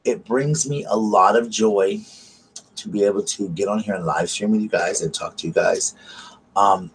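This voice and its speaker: A man with a lowish, husky voice talks at a moderate pace to his live stream viewers, casual and gushing, with plenty of fillers. He's from the Southern United States and sits at home at night by candlelight. The recording is rough.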